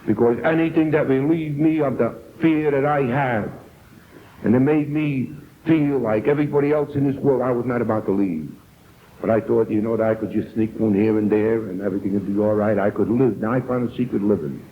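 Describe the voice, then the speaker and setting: An older AA speaker with a New York accent tells his personal story earnestly, acting out the people he quotes. His medium-pitched voice is steady and a little fast, and the tinny old tape has some hiss or hum.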